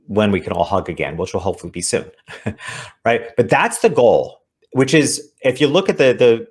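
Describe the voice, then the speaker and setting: A man's voice: lowish voice, a little mellow. Earnest man explaining his ideas. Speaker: author guest. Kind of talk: interview conversation.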